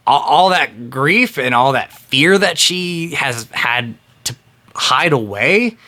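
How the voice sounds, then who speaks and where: Unhurried male film reviewer, thirties, bright, clear voice, earnest and rambling. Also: mid-range voice. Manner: rambling with many fillers and restarts; earnest and emotionally invested. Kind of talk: casual spoken film review.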